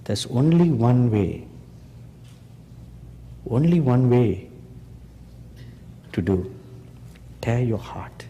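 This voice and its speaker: A man preaching a sermon slowly and emphatically, pressing the audience with rhetorical questions. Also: mid-range voice, expressive, dark tone. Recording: long hall reverb.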